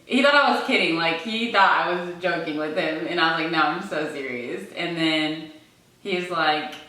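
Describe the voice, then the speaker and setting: A woman's voice: fairly low pitch, moderate pace, sharp tone, recorded from a distance. A young woman co-hosting a vlog, chatting casually and restarting her sentences as she goes. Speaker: vlog co-host. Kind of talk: casual storytelling to camera. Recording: echoey room, away from mic.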